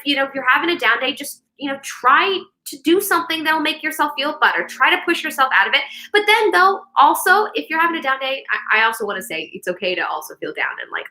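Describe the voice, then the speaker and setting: A young woman with a bright, forceful voice pitched a little high chats on her live meditation stream. She is upbeat and talkative, and she often restarts her sentences or fills pauses with "like" and "you know.". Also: rough recording. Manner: chatty and upbeat, with many fillers and restarts. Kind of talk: casual live-stream chat.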